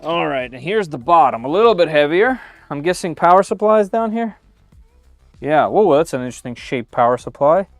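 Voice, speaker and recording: A man's voice: on the high side, animated, normal speed, no room sound, faint music behind. A man giving live-stream commentary while unboxing a machine in his home workshop, thinking aloud with frequent "uh"s and small restarts.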